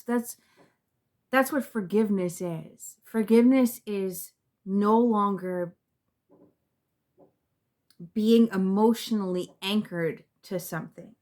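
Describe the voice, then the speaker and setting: A woman giving a spiritual tarot reading to her viewers, reflective and earnest, often repeating words and trailing off softly. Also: medium pitch. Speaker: tarot reader.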